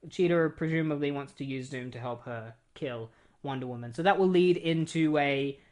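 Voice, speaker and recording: A comic book reviewer talking through a story recap in a loose, conversational way. The delivery is chatty and full of fillers, with dismissive little asides, at a middling pitch. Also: normal speed, a little mellow. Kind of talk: casual plot recap.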